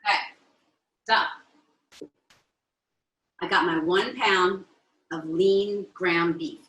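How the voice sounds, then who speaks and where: A woman's voice: fairly low pitch, steady tone, slow pace, a bit bright, roomy sound, poor audio. Chatty Italian-American woman cooking live. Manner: chatty, checks in with viewers often. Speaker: cooking show host. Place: home kitchen.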